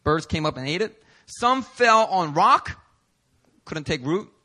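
A male pastor preaching a sermon in a playful, animated way with casual slang. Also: a little high, unhurried.

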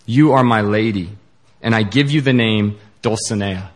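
A man voicing a gentle, steadfast old knight who speaks in an earnest, insistent way. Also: fairly low pitch, moderate pace, lightly acted.

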